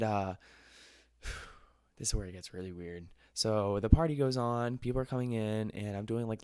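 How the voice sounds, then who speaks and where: A young man hosting a podcast, telling a funny story in casual chat, animated, laughing often and swearing casually. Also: on the low side, dry recording, studio quality. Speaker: podcast host.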